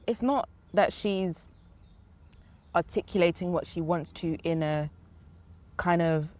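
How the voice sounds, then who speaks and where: A young woman of Ghanaian family, a podcast guest in casual chat, talking reflectively and pausing to search for words. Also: fairly low pitch, a little mellow.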